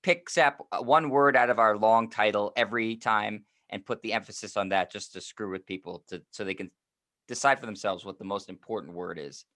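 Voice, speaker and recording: A man's voice: fairly low pitch, a little fast, fairly bright tone. A man co-hosting a sports podcast, chatting casually with wry jokes and asides. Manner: joking, wry, talks in asides. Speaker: podcast co-host.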